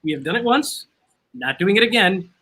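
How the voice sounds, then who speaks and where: Bright, teasing male podcast host. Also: high-pitched, animated, normal speed, breathy edge. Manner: playful, teasing banter. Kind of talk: casual chat over drinks. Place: outdoors, then moving inside.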